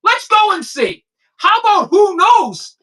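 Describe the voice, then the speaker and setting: A man's voice: very high-pitched, very animated, slow pace, pushed and bright. A middle-aged man and former detective hosting a podcast, ranting emphatically and combatively, and checking in with the listener again and again. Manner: emphatic, combative, keeps asking "okay?". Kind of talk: opinionated podcast rant.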